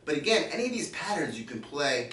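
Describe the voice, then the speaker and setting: A man's voice: on the high side, sing-song, fast. Man teaching drums in an echoey room. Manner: counts beats aloud while playing; explains casually, checking in with "right?" and "okay?". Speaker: drum teacher. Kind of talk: video drum lesson. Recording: echoey room, distant mic, loud drums.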